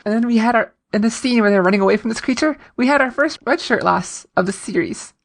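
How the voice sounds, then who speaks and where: A woman with a gravelly, fry-laden voice co-hosts a casual podcast, recapping an episode in a chatty, easygoing way. She laughs readily as she talks. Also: a little high, animated, fast talker. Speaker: podcast co-host.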